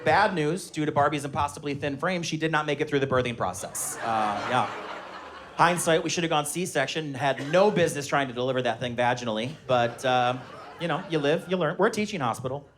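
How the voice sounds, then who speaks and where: A man in his thirties doing a stand-up comedy set live on stage, telling animated stories and shouting his children's lines. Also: a little fast, noisy background. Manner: animated storytelling, shouting high-pitched voices when acting out his kids. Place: live comedy venue with laughing audience.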